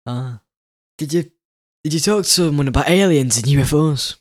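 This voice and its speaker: A young man, co-hosting with his father and teasing him in a deadpan way with short answers. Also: fairly high pitch, moderate pace, no echo, studio quality. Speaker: host's son, co-host.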